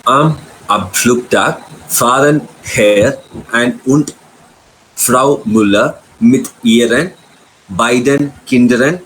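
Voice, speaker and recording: Guy reading german out loud real slow and careful, bit of hiss behind. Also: medium pitch, poor audio. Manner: slow, halting, effortful reading. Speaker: student. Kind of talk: reading aloud in a lesson.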